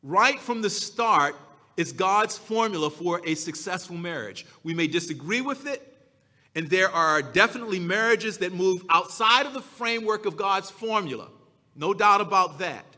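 A man preaching a sermon as pastor, slow and emphatic, drawing out his key words. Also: sits high, lively intonation, bright, forceful tone, long reverb tail.

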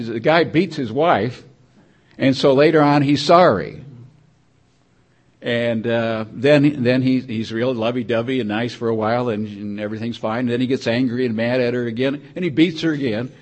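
A man's voice: medium pitch, moderate pace. Older man rambling through a sermon. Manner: rambling, repetitive, conversational preaching with frequent restarts. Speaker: preacher.

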